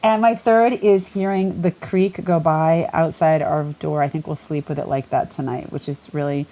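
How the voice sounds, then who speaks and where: A chatty woman talks through her trail day in a loose, rambling way, slightly low in pitch. She laughs easily and wanders between thoughts. It sounds like a casual evening vlog recorded in a small room. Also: steady tone, normal speed, mellow. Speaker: vlogger hiker. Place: indoor lodging room by a creek.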